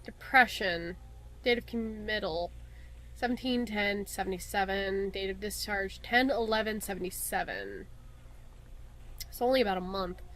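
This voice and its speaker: A woman's voice: mid-range voice, lively intonation, normal speed, a bit bright. A young woman casually commenting on a game and reading its letters aloud with wry asides. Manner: chatty and wry, breaks off into asides while reading. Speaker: let's play host.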